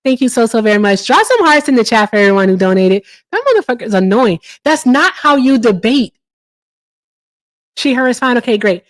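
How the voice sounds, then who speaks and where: A combative woman hosting a live stream, her voice sitting a little high. She hammers her points by repeating them and cuts over her caller. Her tone stays casual and blunt. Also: big pitch swings, brisk. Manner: casual, uses "y'all". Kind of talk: heated live-stream debate.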